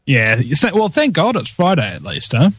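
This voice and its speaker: A man's voice: fairly high pitch, wildly swooping pitch, normal speed, a bit bright, breathy edge, no echo. A man with a New Zealand accent hosting a talk show, joking and sarcastic in casual chat. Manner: jokey, sarcastic, often laughing.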